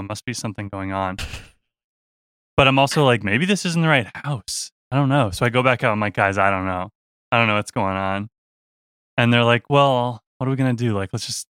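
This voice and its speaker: A young man, a touring musician, telling a story in an animated, casual way with lots of restarts and laughs. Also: lowish voice, clean tone, dry recording, clean studio sound.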